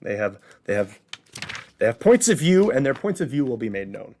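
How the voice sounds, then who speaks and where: A man's voice: mid-range voice, big pitch swings, moderate pace, darkish tone, a little hiss or hum. Chatty man with a Chicago accent. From Midwest, Illinois. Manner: chatty, asks and answers his own rhetorical questions. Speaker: host. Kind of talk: casual educational monologue.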